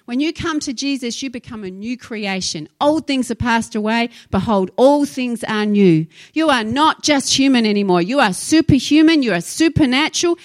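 A woman's voice: fairly high pitch, no echo. A woman pastor preaching a sermon, emphatic and impassioned, telling stories to her congregation.

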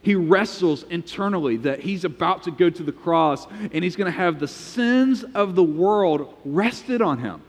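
A pastor preaching to his congregation, his voice sitting a bit high for a man. He tells the story with animated, acted-out quotes. A long reverb trails his words through the large church hall. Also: unhurried, few pauses. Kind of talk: sermon. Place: church sanctuary.

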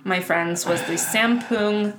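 A woman co-hosting a podcast in casual chat, a little tipsy, playful and quick to laugh. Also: medium pitch, a bit bright. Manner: chatty, laughs often, playful. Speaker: podcast co-host. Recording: roomy echo, faint background noise.

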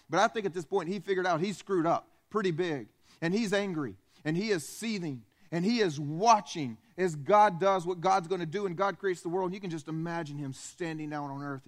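A male pastor giving a sermon in a storytelling way, speaking straight to his congregation. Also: a little high. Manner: storytelling, addresses the congregation directly. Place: church.

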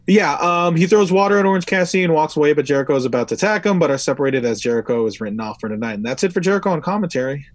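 A man's voice: fairly high pitch, rapid-fire, few pauses, no echo. Rambling man recapping a show. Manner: loose and rambling, reads from notes, swears casually. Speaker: podcast host. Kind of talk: casual wrestling recap chat.

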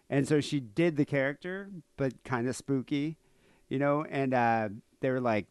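A man's voice: medium pitch, normal speed, clear, resonant tone, no echo. A man co-hosting a podcast, telling a story in a rambling casual way, full of "uh" and "you know". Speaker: podcast co-host.

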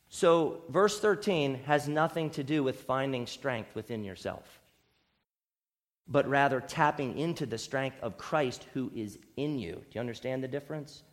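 A male pastor preaching a sermon, swinging between loud emphatic repetition and hushed, quieter asides. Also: a little high.

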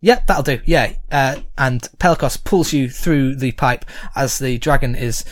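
A man's voice: medium pitch, measured pace, dry recording. Guy running a tabletop game, chatty, lots of uhs, dry close sound. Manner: chatty, hesitant narration with many fillers. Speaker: game master.

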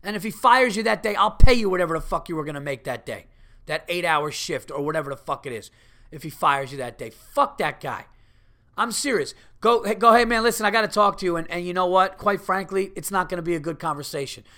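A man's voice: fairly high pitch, expressive, a little fast, pushed and bright. A man hosting his own podcast, ranting heatedly and cursing constantly. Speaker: podcast host. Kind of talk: solo podcast rant.

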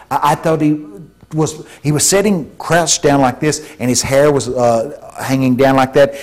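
A man preaching a sermon, telling stories with vocal sound effects and swinging between hushed tones and shouts. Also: a little high. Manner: shifts from hushed to shouting for emphasis.

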